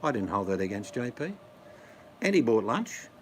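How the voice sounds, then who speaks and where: Middle-aged Australian man, low voice, rambling blokey chat with viewers, faint hiss behind. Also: big pitch swings, normal speed. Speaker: vlogger answering chat. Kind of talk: casual chat.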